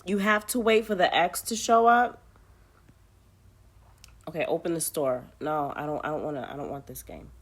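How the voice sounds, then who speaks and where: A woman's voice: low voice, normal speed, pauses often. A woman playing a trivia app, reading the questions aloud and muttering casual commentary to herself as she plays.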